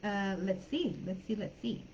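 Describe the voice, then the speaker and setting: A woman's voice: mid-range voice, normal speed, a little mellow, dull audio, a little hiss or hum. Hesitant American woman teaching online. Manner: thinking aloud, tentative and hesitant. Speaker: English teacher. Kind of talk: live online class.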